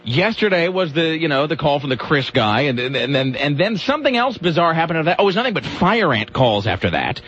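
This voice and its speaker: A man's voice: a little high, very animated, fairly quick, few pauses, fairly bright tone, slight background noise. A man hosting a comedic talk radio show, wisecracking and sarcastic in his banter. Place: radio studio. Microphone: studio mic. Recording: dull lo-fi radio broadcast.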